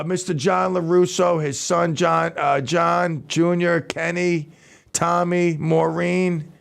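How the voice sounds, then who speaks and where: A man hosting a radio talk show, rambling excitedly and stumbling over his words. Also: a little high, gravelly.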